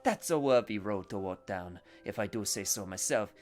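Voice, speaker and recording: A man's voice: medium pitch, moderate pace, soft background music, lightly acted. A man voicing a boisterous sea-faring guildmaster cook in a game, boastful and hearty, with a failed French accent.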